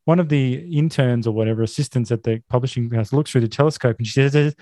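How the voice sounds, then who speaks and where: A man co-hosting a podcast, recapping a film in deadpan sarcasm and mock outrage. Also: mid-range voice, fast talker, hardly any pauses, no room sound, studio quality. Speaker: podcast co-host.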